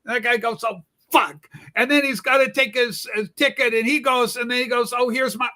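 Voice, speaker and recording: A Canadian man on a political livestream rambles through anecdotes, acting out quoted people and dropping the odd curse. His voice sits high for a man and sounds bright and forceful. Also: level tone, brisk. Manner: rambling storyteller, acts out quoted people, swears. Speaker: political talk show co-host. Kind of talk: casual political livestream chat. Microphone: livestream call mic.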